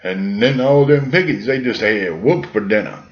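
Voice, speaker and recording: A man's voice: fairly low pitch, moderate pace, lo-fi sound. A man ad-libbing a bedtime story in a folksy, rambling way full of jokey asides.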